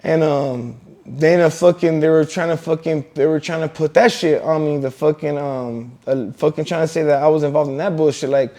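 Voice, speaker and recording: A man's voice: fairly high pitch, fairly even intonation, normal speed, dark tone. A man telling a story as an interview guest, rambling and swearing with many fillers. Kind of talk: casual storytelling.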